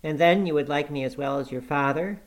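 A man's voice: a little high, a little fast, voice pushed up, close to an everyday voice. A man voicing a sickly, spiteful boy who whines, taunts and whimpers in a raised voice. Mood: sulky.

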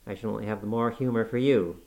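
A man's voice: fairly low pitch, fairly even intonation, fast, darkish tone, rough recording. A man doing a scornful young master. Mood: stern. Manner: gruff, scornful questioning.

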